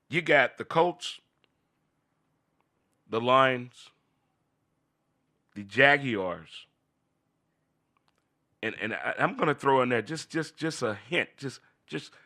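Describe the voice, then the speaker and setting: A man hosting a casual, unscripted midday talk show. He talks in an animated way, repeats phrases and talks to himself. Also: mid-range voice.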